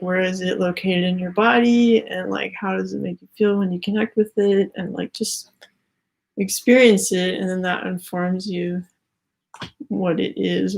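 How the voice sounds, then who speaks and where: Slightly breathless and full of "like" fillers, a young woman rambles her way through a laid-back spiritual tarot reading. Her medium-pitched voice has vocal fry and a faintly mellow sound.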